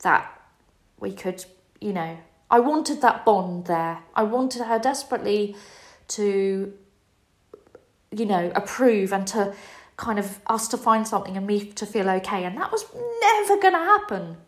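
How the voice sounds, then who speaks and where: This forties-aged woman, a podcast host, confesses a personal story with candor and emotion. Her mid-range voice keeps a measured pace and pauses often, heard with a roomy echo in the recording.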